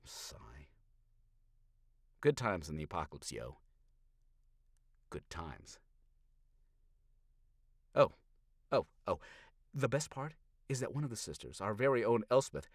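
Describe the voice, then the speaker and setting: Male narrator, very low voice, animated, sardonic, dry close home booth. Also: no echo. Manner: sardonic, swinging from hushed to loud. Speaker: audiobook narrator streaming a reading. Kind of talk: first-person audiobook narration. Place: small hot home recording booth.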